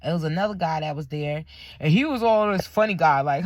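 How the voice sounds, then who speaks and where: In a brisk, lowish voice with no echo, a young woman vlogger recounts her birth story in a casual, personal way. She gets animated, performs the quoted voices of others, and sinks almost to a whisper when things get tense.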